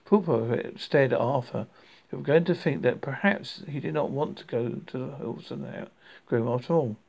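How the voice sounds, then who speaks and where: A man reading a comic novel aloud, halting and restarting often as he stumbles over words. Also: mid-range voice, vocal fry, a little mellow, husky. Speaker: audiobook reader.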